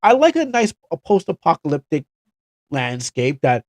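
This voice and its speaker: A man's voice: a little high, very animated, moderate pace, a little mellow, dry recording. A young Canadian man chatting casually on a game livestream, rambling and correcting himself with chuckling asides. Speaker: streamer.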